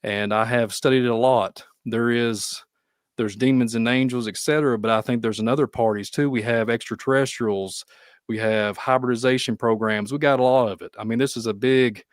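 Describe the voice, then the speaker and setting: A man with a Kentucky accent hosting a podcast, talking in a rambling, animated way with frequent laughs. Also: mid-range voice, fairly quick, no echo, clean studio sound. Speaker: podcast host. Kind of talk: casual conversation.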